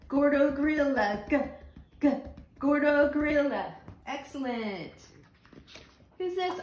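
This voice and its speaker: A woman teaching a phonics lesson to young children, slow and patient, repeating the letter sounds. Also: high voice, lively intonation, echoey room.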